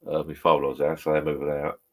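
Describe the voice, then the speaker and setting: Bloke, fifties, low voice, a few beers in, rambling sweary chat in his pub shed. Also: level tone, fast. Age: 50s. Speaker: vlogger.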